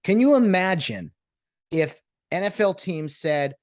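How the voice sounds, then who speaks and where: A man's voice: high-pitched, very animated, a little slow, no echo, studio quality. A man hosting his own podcast in a rambling, sarcastic solo monologue that jumps between topics. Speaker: podcast host.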